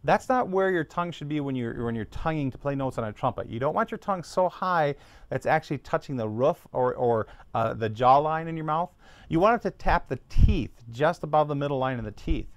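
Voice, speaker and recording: A man's voice: on the high side, expressive, a little fast, no room sound. A man teaching a beginner trumpet lesson, patiently walking through each step and sounding out practice syllables.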